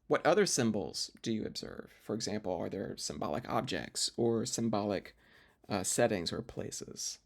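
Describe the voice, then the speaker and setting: A man's voice: lowish voice, expressive, moderate pace, creaky. A man teaching literature in a recorded lecture video, explaining step by step with fillers and restarts.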